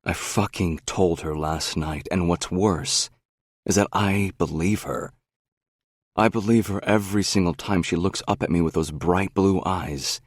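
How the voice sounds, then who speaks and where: A brooding male audiobook narrator with a very deep voice reads a first-person romance at a slightly slow pace. The recording is dry, with clean studio sound.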